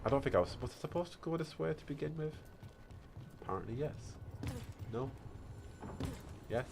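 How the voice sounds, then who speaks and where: A man's voice: on the high side, animated, normal speed, gravelly, noisy background. A British man streaming a game, chatting playfully and answering his chat as he goes. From Britain. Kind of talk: casual chat while gaming.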